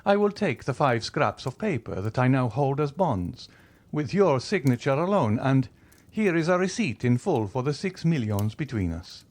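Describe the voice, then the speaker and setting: A man plays a rich, coolly ironic nobleman in a storybook reading, his voice lifted noticeably higher than plain narration. The tone is smooth and mockingly polite, rising and falling in a lively way. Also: normal speed. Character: wealthy, suave, coolly ironic male nobleman. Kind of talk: audiobook character reading.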